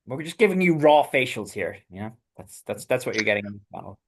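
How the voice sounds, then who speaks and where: A man's voice: mid-range voice, sing-song, fast talker, a little hiss or hum. A man co-hosting a casual podcast, playful and bantering as he reads a comic aloud. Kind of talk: casual chat.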